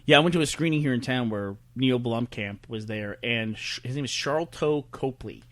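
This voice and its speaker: A man co-hosting a podcast, chatting casually and telling animated stories about movies and box office numbers. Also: medium pitch, normal speed. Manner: animated storyteller, breaks down numbers. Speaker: podcast host. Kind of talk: casual chat.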